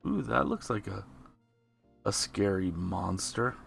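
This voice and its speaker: A man's voice: low voice, slow, creaky, pauses often, a bit bright, faint music behind. A man streaming a game live, rambling along in a laid-back way. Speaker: gamer streamer. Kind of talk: live let's play commentary.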